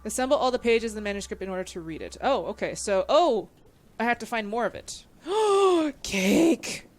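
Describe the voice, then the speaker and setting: A woman streamer giving casual, excitable gameplay commentary and reading on-screen text aloud. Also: medium pitch, fast.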